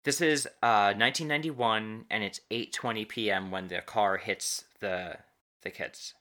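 A man with a fairly low but bright, forward voice tells a true story to a co-host. He talks casually, often restarting sentences and drawing out key words for weight. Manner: halting, restarts and stretched emphasis on key words.

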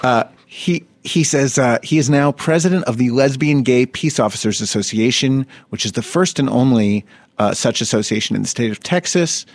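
A man's voice: medium pitch, moderate pace, dry recording. A man co-hosting a podcast, reading odd news stories aloud with laughing, joking asides. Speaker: podcast co-host. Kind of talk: casual comedic news chat.

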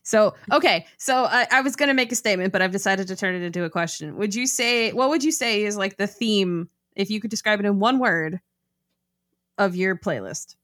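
Casting: young woman host, middle pitch, laughs easily, upbeat follow-up questions; dry close mic. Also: fairly quick, fairly bright tone, dry recording. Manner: giggly, encouraging listener. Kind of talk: casual chat.

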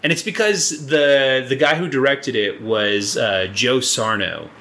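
A man co-hosting a casual podcast at an ordinary pitch. He rambles through his points, swears often and slips into playful mock quotes. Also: unhurried, bright, forceful tone. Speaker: podcast co-host. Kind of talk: casual chat.

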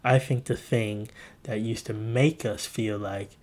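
A man's voice: steady tone, takes it slowly, darkish tone. A man hosting a casual solo podcast, rambling and playful, jumping from jokes to musings and acting out the voices he quotes. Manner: acts out quoted voices with big pitch jumps. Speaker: podcast host.

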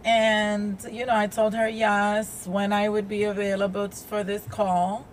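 Slow-talking earnest woman guest. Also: medium pitch, completely flat delivery, slight background noise. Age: adult with a child. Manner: earnest, open, speaks with heartfelt emotion. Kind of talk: personal storytelling in a podcast interview.

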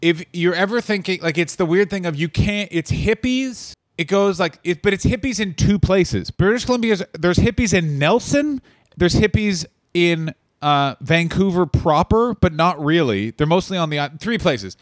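A man's voice: high-pitched, animated, moderate pace, dry recording. A man co-hosting a comedy podcast, riffing crude jokes in casual chat. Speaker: podcast co-host.

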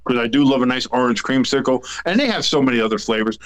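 Casting: male sports podcast co-host, mid-pitch, rambling and jokey. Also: fast. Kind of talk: casual sports chat.

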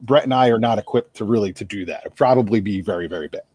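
A man's voice: fairly low pitch, fast talker, a little mellow, husky, no room sound. A man with a South Jersey accent co-hosting a sports radio show, chatty and rambling, repeating words as he thinks. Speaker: podcast co-host. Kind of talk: casual sports radio chat.

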